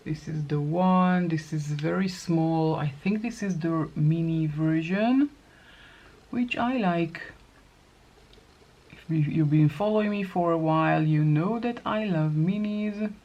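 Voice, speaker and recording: A woman's voice: low voice, slow, darkish tone, lo-fi sound. A middle-aged woman chatting casually through a get-ready-with-me makeup routine, thinking aloud as she applies each product. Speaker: makeup vlogger.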